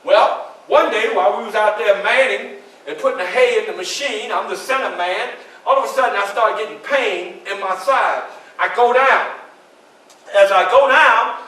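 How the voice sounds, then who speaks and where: At a library event room, a living-history performer plays Frederick Douglass in a one-man show, dramatically recounting his enslavement straight to the audience. His voice is high, bright and sharp at normal speed, picked up from a distance in an echoey, roomy space.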